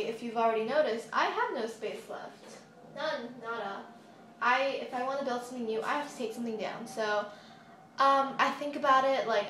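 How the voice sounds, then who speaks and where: Young woman, high-ish voice, chatty and rambling, phone recording, echoey room with faint hiss. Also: fairly bright tone. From United States. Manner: chatty, rambling, giggly asides. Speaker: model horse YouTuber. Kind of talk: casual Q&A vlog. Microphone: phone camera propped on a table.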